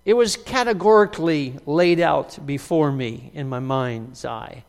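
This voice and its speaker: A man delivers an emphatic sermon in a high, ringing voice. His delivery surges loud and then sinks to near quiet. The sound trails off in the long reverb of a large church hall. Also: unhurried, creaky. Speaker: pastor.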